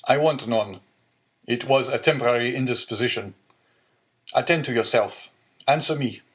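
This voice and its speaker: A man's voice: medium pitch, normal speed, pitched above the performer's own voice, lightly acted. A man voicing a stern male deputy prosecutor in an audiobook, stiff and formal, giving orders. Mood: commanding.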